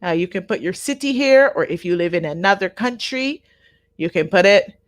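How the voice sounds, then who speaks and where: A woman teaching a live online Japanese class, patient and repeating each word slowly for her learners. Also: fairly low pitch, expressive, dry recording, studio quality.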